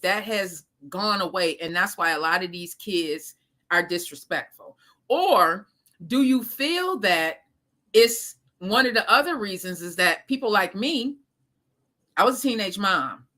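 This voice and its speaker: Bright-voiced woman chatting on a live stream. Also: medium pitch. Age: 30s. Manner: talks straight to viewers with slang, laughs often. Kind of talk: casual live-stream chat reading viewer comments.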